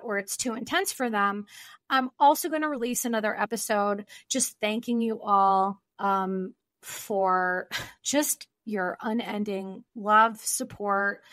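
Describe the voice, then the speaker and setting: A woman's voice: a little high, a bit bright, no room sound. A woman hosting her podcast solo, talking in a chatty, informal way and laughing often. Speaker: podcast host.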